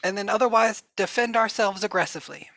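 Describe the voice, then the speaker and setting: Fast-talking joking woman player. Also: mid-range voice, fairly bright tone. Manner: joking, wisecracking. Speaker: tabletop game player.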